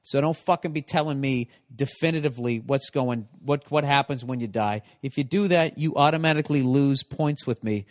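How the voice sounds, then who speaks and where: A man's voice: mid-range voice, brisk, few pauses, no echo, studio quality. A man hosting a podcast, ranting profanely and emphatically in casual comedic chat. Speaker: podcast host.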